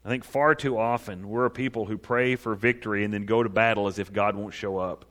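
A male pastor preaching a sermon, emphatic, swinging between loud raised declarations and quiet low asides. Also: fairly even intonation, fairly quick. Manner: emphatic, rising to loud high-pitched proclamation then dropping low. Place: church sanctuary. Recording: reverberant hall.

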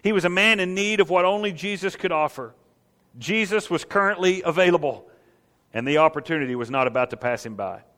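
A man preaching with a fairly high, animated voice, leaning on rhetorical questions and acting out the story for his listeners. His sermon rings out with a long reverb, as if in a large hall. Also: brisk. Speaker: pastor.

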